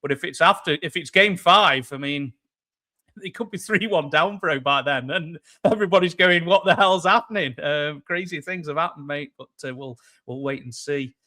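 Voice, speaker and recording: A man's voice: a little high, normal speed, bright, forceful tone. A man hosting a sports podcast, chatting casually and animatedly, often calling his guest "mate" and "man". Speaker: podcast host.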